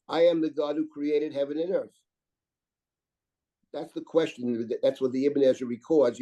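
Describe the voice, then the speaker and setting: A man's voice: a little high, dark tone, rough recording. An older man, a rabbi, teaching a Torah class in a discursive lecture style, reading Hebrew verses aloud and often restarting his sentences. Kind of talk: lecture on biblical commentary.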